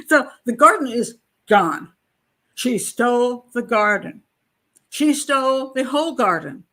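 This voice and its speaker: A woman's voice: a little high, sharp tone. Emphatic woman profiler talking to camera. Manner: conversational, emphatic, repeats phrases, mimics others in quotes. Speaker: criminal profiler and channel host. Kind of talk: casual commentary to camera.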